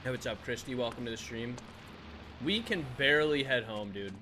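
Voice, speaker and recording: A man's voice: mid-range voice, lively intonation, normal speed, sharp tone, slight background noise. A young man, chatting casually with his viewers while playing a game on a live stream, laughing often and answering chat.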